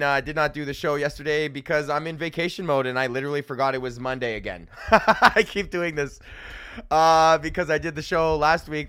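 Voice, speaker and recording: A young man rants through a casual podcast monologue, swearing freely and wandering between thoughts with plenty of fillers. His voice sits a little high for a man. The studio mic on its stand gives a close, dry sound with no room around it. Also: a bit bright, clean tone, no echo. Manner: profane, loose and rambling, drawn-out fillers. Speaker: podcast host and stand-up comedian.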